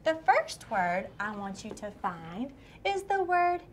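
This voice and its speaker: A woman kindergarten teacher leading a shared reading lesson, patiently questioning children and sounding words out slowly. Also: a little high, very animated. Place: classroom with young children. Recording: classroom recording with clear background noise.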